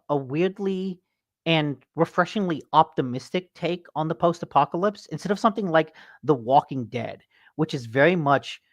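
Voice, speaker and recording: A man hosting a casual gaming podcast, an animated storyteller who swears freely. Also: on the high side, no echo, clean studio sound. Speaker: podcast host.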